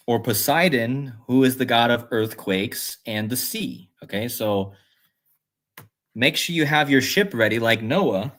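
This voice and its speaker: A man's voice: mid-range voice, a bit bright. A man hosting a casual livestream, rambling and musing aloud as he reads chat comments. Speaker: livestream host.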